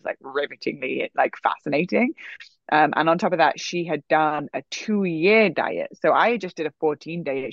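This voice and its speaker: A woman telling a personal story in a casual, animated way, full of fillers. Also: lowish voice, no room sound. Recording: dull, dry sound.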